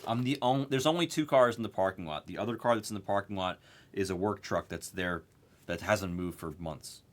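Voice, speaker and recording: Animated ranting man hosting card break. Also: on the low side, fairly quick. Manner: animated, profane, ranting storyteller. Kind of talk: live card break chat.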